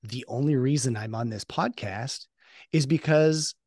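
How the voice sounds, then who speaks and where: Motivational guy talking slow and earnest, dry sound, middle pitch. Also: darkish tone, no echo. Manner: earnest, motivational, repeats key phrases. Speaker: podcast guest. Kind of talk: casual interview chat.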